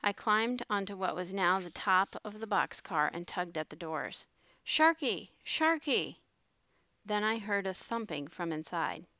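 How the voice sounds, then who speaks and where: A woman narrating an audiobook in a steady, measured reading, recorded on a close mic. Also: mid-range voice, no echo.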